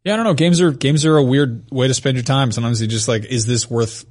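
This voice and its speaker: A young adult man hosting a casual podcast, talking animatedly and slipping into goofy high-pitched impressions. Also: expressive, fast, a little mellow. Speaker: podcast host.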